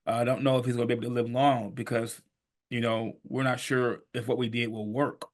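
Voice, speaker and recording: A man in his fifties telling his life story on a podcast, animated and emphatic, sometimes rising to a shout. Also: mid-range voice, brisk. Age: 50s. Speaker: podcast guest. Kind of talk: storytelling in conversation.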